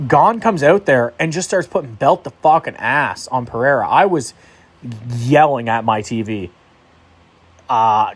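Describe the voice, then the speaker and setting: A young man with a slightly raised voice rants about a fight in a heated, profane, casual recap. He swears freely and talks like he is venting to a friend. His manner stays loose, worked up and unscripted. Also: fairly high pitch. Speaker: MMA commentator vlogger.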